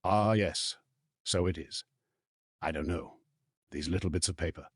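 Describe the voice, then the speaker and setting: A man doing a cheerful, flustered wizard father who fumbles and hesitates, in a husky voice. He sounds bright but nervous, a storybook dad read close and dry. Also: deep voice, measured pace, no echo.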